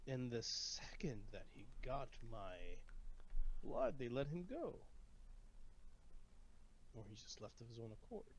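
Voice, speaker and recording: A man's voice: mid-range voice, big pitch swings, a little slow, long pauses, a little hiss or hum. A man playing a tabletop game in a casual way, often speaking in character. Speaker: player. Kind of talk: casual tabletop role-play. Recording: dull lo-fi audio.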